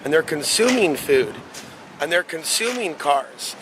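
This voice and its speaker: A man's voice: a little high, very animated, measured pace. Rambling man vlogging on city streets. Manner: rambling, talks to the camera. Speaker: vlogger filming a walking tour. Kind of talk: casual walking-tour vlog. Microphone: handheld camera mic. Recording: outdoor city noise. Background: street traffic noise.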